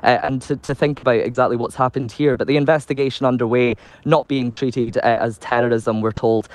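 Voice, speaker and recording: Male field reporter, measured sombre delivery, live news report. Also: medium pitch, steady tone, no echo.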